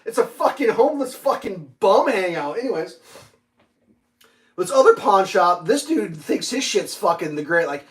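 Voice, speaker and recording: High-voiced man rambling and cursing. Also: big pitch swings, moderate pace. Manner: rambling, profane storytelling with lots of fillers. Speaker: livestream host. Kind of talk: casual livestream chat.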